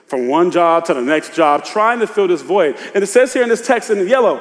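Man, preacher, sermon, high voice, casual speech, hushed to shouting, long hall echo. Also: lively intonation, fairly quick, hardly any pauses. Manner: swings from hushed confession to shouted exhortation; informal Southern-tinged preacher speech, "y'all" and "ain't".

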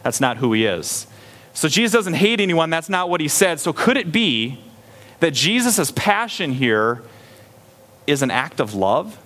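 Guy pastor giving a sermon, fairly high voice, chatty and lively, acts out the scenes. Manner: conversational preaching, acts out scenes with raised voice.

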